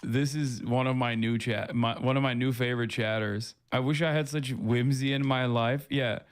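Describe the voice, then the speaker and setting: A man hosting a casual livestream, reading viewer comments aloud in a mocking tone and laughing often between quick asides. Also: medium pitch, fairly even intonation. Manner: reads chat messages in a mocking tone, laughs often, fast asides. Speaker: livestream host.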